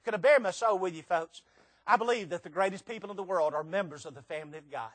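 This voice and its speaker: A man preaching a sermon, swinging between loud emphatic lines and hushed, tender ones. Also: sits high, fast talker, dry recording. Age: 60s.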